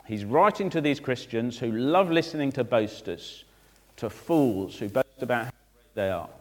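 A man preaching through a Bible passage, conversational and animated, acting out the verses with asides to his listeners. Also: medium pitch, moderate pace. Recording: long reverb of a large hall.

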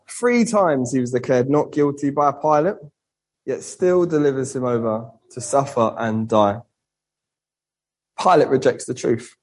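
An earnest man preaches a sermon and reads scripture aloud, with a mid-range voice. He poses rhetorical questions and slows down on key words. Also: medium pitch, a little mellow, poor audio. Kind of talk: sermon with Bible reading.

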